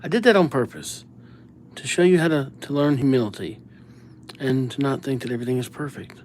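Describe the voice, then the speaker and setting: A young man hosts a calligraphy livestream, chatting casually and joking as he writes viewers' names and gives out goofy nicknames. His voice is medium-pitched and brisk, with slight background noise.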